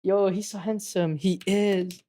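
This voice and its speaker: A woman VTuber streaming a video game, reading dialogue aloud and reacting loudly with casual swearing. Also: medium pitch, steady tone, measured pace. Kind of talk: casual let's-play reading and commentary. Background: game background music.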